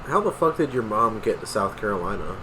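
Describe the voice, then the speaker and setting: A man's voice: on the low side, sing-song, a little fast, a bit bright. A young man co-hosting a casual podcast, laid-back and swearing casually. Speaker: podcast co-host. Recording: audible air conditioning hum.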